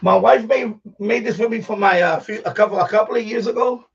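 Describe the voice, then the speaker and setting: A middle-aged man with a high, brisk voice that's creaky and a little breathy hosts a live stream from his home studio. He rambles, full of fillers and restarts, getting out of breath as he moves around tidying. The mic is distant, dull and lo-fi.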